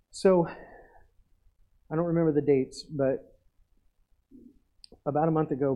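A man's voice: fairly high pitch, warm tone, lo-fi sound. A middle-aged male pastor preaching a sermon in an earnest way, repeating phrases for emphasis.

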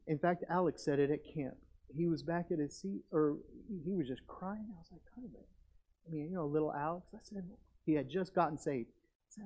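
A man preaching a sermon as pastor, earnest and conversational, with animated asides. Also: a little high, normal speed. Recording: dull lo-fi recording.

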